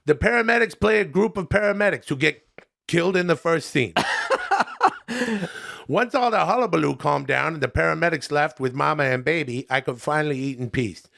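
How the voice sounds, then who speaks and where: A man doing a comedic impression of a goofy middle-aged comedian reviewing restaurants, drawn-out and sing-song, calling everyone pal and buddy. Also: a little high, vocal fry, a bit bright, voice pushed up. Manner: ends lines with "pal" and "buddy".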